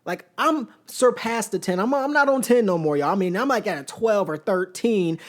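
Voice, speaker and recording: A man in his thirties hosting a podcast, telling a personal story in an animated, conversational way and often checking in with listeners. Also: high-pitched, normal speed. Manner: animated, conversational, addresses listeners directly with "right?". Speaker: podcast host. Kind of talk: storytelling monologue.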